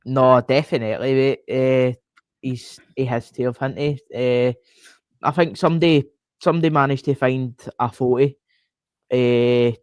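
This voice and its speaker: A Scottish man co-hosts a podcast in a mid-pitched voice. He speaks with animated energy, using lots of "uh" and "aye". The recording is dry and close. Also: a little slow, dry recording. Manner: animated, many fillers like uh and aye. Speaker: podcast co-host. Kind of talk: casual podcast chat.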